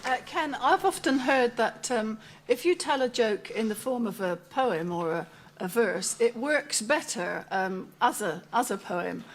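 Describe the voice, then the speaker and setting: Soft-spoken West Country woman. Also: fairly high pitch, animated, measured pace, crowd noise, background noise. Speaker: audience guest.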